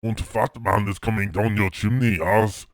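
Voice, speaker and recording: A man doing a deadpan mock German-accented man announcing Christmas in clipped, broken phrases. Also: on the low side, moderate pace, no echo, lightly acted.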